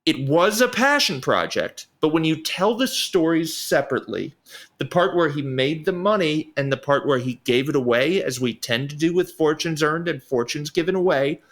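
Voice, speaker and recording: A man's voice: a little high, expressive, moderate pace. A man co-hosting a history podcast, reading a prepared script with sarcastic asides. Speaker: podcast co-host. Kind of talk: casual history podcast narration.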